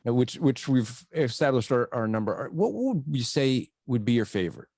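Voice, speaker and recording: A man's voice: medium pitch, very animated, moderate pace, creaky, a little mellow, dry recording, studio quality. A man hosting a podcast, talking earnestly in a casual interview and often restarting his sentences. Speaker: podcast host.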